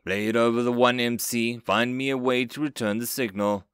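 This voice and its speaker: A man playing a calm alien captain. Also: mid-range voice, moderate pace, clean tone, no echo, clean studio sound, lightly acted. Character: calm, curious male alien ship captain.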